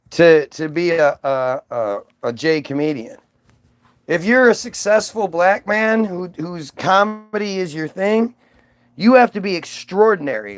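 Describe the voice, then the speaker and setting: Man, vlogger, gravelly, high-pitched, profane rambling rant. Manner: rambling, profane, many restarts. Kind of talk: ranting monologue.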